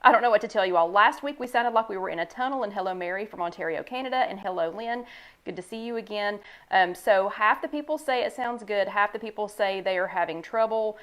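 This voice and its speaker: A woman's voice: medium pitch, a little fast, fairly bright tone. An older woman hosting a live online chat from home on a new desk microphone, chatty and reading viewers' comments aloud as she greets them by name. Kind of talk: casual live-stream chat.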